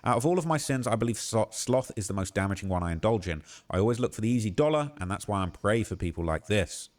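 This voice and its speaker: A man hosting a livestream, reading a long post aloud in a steady way and breaking off now and then with shocked outbursts. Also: lowish voice, quick pace. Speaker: livestream host.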